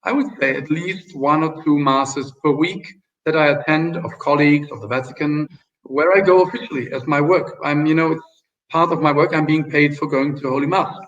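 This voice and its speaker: A man's voice: fairly high pitch, normal speed, a bit bright. Hesitant man, distant lo-fi sound. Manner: hesitant, many fillers and restarts. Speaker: interview guest, ambassador. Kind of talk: casual interview storytelling.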